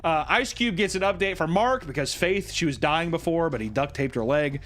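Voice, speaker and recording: A man's voice: fairly high pitch, lively intonation, moderate pace, fairly bright tone, soft background music. A man hosting a casual comedic movie recap, laughing often, swearing and mocking the plot.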